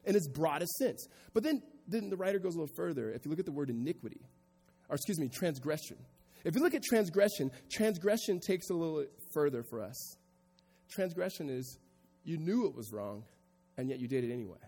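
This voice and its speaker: A pastor preaches a sermon before a congregation in an echoing church sanctuary, his voice fairly high, husky, a little fast and lively in intonation. He starts in quiet reflection and builds to raised, emphatic preaching.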